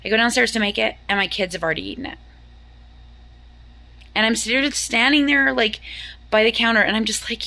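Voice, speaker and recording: A woman in her fifties vlogging about her day in a casual, chatty, animated way. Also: a little high, brisk, pauses often, dry recording. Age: 50s.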